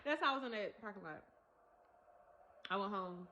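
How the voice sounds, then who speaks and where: A woman sharing a personal testimony on video, animated and emphatic as she talks straight to her viewers. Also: mid-range voice, moderate pace. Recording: dull lo-fi recording.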